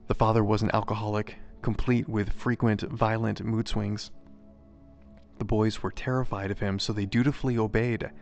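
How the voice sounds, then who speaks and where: Man reading a story in an even, level voice. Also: lowish voice, gravelly. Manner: measured, even storytelling delivery. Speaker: chaplain. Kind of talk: reading a devotional story aloud. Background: soft background music.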